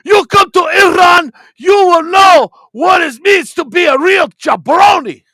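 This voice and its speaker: A man's voice: extremely high pitch, a little slow, creaky, dry recording, voice pushed up, exaggerated voice. A man doing a comedic impression of a ranting old male wrestling villain with broken English and constant insults. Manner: shouting, insult-spitting rant with broken English.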